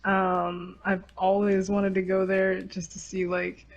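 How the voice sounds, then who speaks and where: A woman chatting casually on a podcast with friends, jokey and quick to giggle. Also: mid-range voice, monotone, dull audio. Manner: giggly, joking. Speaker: podcast guest. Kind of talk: casual chat.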